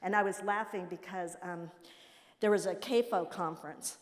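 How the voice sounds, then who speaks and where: A middle-aged woman telling stories from her work to an audience, animated and acting out the people she quotes. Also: on the low side, normal speed. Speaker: nonprofit president speaking at a summit. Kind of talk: storytelling talk to an audience. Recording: long reverb of a hall.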